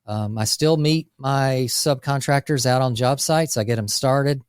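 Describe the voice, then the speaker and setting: A man co-hosting a casual business podcast, talking energetically through lists with quick asides about running a landscape company. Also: medium pitch, clear, resonant tone, no echo, clean studio sound.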